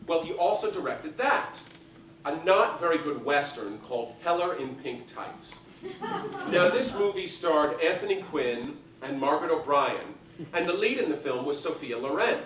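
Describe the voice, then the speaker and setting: Guy doing a one-man show, super animated, gossipy, echoey theater, mic kinda far. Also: fairly high pitch, normal speed, a little hiss or hum. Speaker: solo stage performer. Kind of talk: live stage storytelling. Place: theater stage, live audience.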